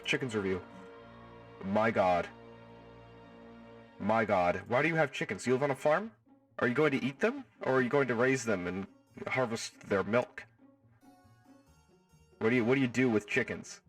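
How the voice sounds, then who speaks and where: Playful man streaming with a lively voice. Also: medium pitch, moderate pace, pauses often, distant mic, faint music behind. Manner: playful, jokey, swears freely. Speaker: live stream host. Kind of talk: casual live stream chat reading. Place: home.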